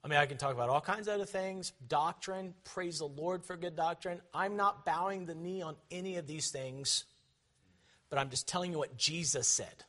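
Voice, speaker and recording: Man, pastor, impassioned sermon, high voice, bright tone, loud peaks and quiet asides. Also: normal speed.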